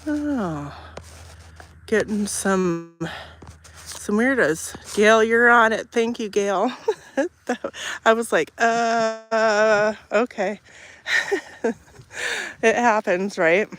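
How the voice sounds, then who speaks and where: Slow-talking woman live from her garden. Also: fairly high pitch. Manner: chatty, coos softly to her animals. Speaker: livestream host. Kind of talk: casual livestream chat. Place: outdoors in a garden. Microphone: phone held in hand.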